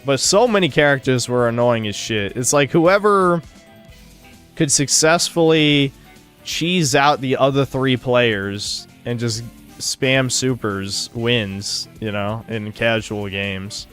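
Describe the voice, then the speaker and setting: A man hosting a podcast in casual chat, with a monotone voice and a crude, offhand way of talking that trails off. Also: mid-range voice, slow pace, smooth, faint music behind. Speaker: podcast host and streamer. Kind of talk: casual chat, reading viewer donations.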